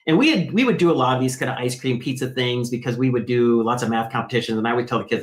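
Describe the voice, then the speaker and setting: A man as an interview guest, telling a story in a lively conversational way and acting out quoted voices. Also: medium pitch, quick pace, few pauses, echoey room, rough recording. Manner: animated, acts out quoted voices. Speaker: guest, math program founder.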